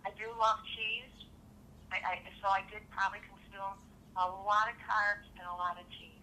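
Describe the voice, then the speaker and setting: A middle-aged woman calling in, hoarse from too little sleep, talking in a chatty, rambling way. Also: medium pitch, flat delivery, moderate pace, bright, forceful tone, slight background noise, poor audio. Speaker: caller. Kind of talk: phone call chat.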